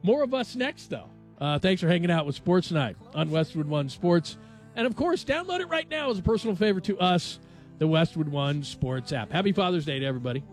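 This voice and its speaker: A man's voice: a little high, a little fast, soft background music. A man hosting a late-night radio sports show, chatting casually and joking with his co-hosts. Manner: animated, jokey, laughs often.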